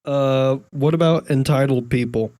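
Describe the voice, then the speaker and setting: A man's voice: medium pitch, steady tone, unhurried, mellow, dry recording, clean studio sound. A man hosting a casual podcast, bantering and joking with his co-host.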